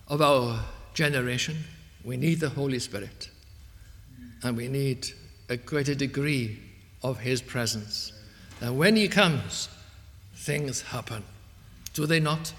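A male preacher delivers an earnest sermon, his voice rising to emphatic peaks before sinking back to a hushed, intimate tone. The sound carries a long reverb, as if recorded in a large church hall. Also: medium pitch, animated, unhurried, long pauses.

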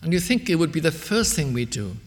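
A man preaching a sermon earnestly, swelling to emphatic peaks and then dropping soft. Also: on the high side, very animated, a little fast, big-room sound.

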